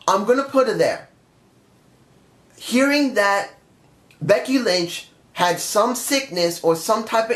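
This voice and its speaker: A man's voice: sits high, fairly bright tone. A man giving a blunt, rambling wrestling review in a casual vlog, swearing now and then. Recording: roomy echo.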